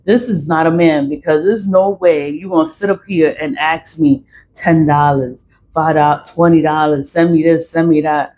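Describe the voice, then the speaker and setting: A woman's voice: sits low, fairly even intonation, moderate pace, darkish tone, a little hiss or hum. A woman telling a personal story in a casual vlog, blunt and profane, repeating herself for emphasis. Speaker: vlogger.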